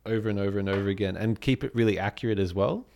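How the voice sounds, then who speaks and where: Racing along in a lowish, gravelly voice over slight background noise, an Australian man talks about making music as a podcast co-host. It's casual chat, loose and relaxed, with fillers as he drifts a bit.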